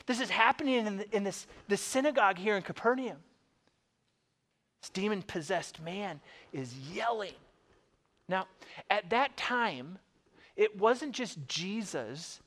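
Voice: medium pitch, fairly bright tone. A pastor preaching a sermon to a church congregation, conversational and joking, often repeating words. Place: church service before a congregation.

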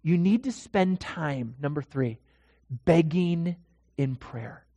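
A pastor delivering a dramatic sermon in a church, swinging from hushed to loud. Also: mid-range voice, lively intonation, slow, dry recording, in a large hall.

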